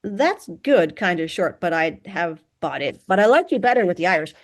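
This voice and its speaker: A woman's voice: on the low side, sing-song, normal speed. A woman voicing a sarcastic, chatty nineteen-year-old American college girl in an audiobook, teasing and emphatic. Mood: eager. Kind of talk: audiobook character voice.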